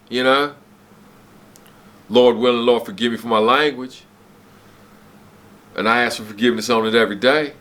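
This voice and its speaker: A man's voice: medium pitch, sharp tone. Man in his 40s going off on a blunt rant, tense pushy voice, swears a lot then says sorry, home vlog. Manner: heated, profane, preachy, breaks off to apologize. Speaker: vlogger. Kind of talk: blunt unscripted rant to camera. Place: home, downstairs room.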